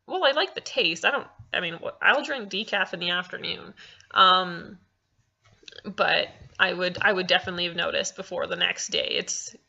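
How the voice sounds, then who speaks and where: A woman's voice: lowish voice, normal speed, vocal fry, sharp tone, highs cut off. A young woman answering viewer questions in a casual vlog, bubbly and giggly, rambling with many ums and restarts.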